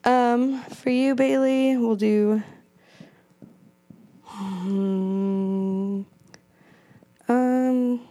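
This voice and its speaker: A woman's voice: fairly high pitch, steady tone, very slow, long pauses, mellow, low-quality recording. A woman hosting a casual group chat, teasing her guests and laughing often while she swears freely. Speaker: podcast host.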